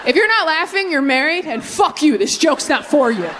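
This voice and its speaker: A young woman performing stand-up comedy on stage, wry and animated, jumping to high squeaks for emphasis. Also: normal speed, noisy background. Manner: wry, animated delivery with sudden high-pitched bursts. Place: comedy stage before a live audience.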